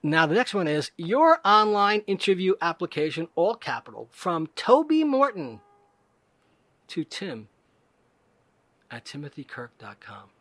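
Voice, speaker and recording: A man reading scam emails aloud in a deadpan, mocking way, speaking every punctuation mark and space. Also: sits high, unhurried, dry recording. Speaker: comedic reader.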